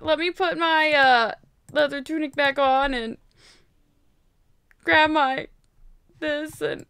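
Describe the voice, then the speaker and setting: A young woman playing a game and commentating, excitable and quick to gasp and shriek. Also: high-pitched. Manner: excitable, gasps and shrieks often. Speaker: gaming YouTuber. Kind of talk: Minecraft let's-play commentary.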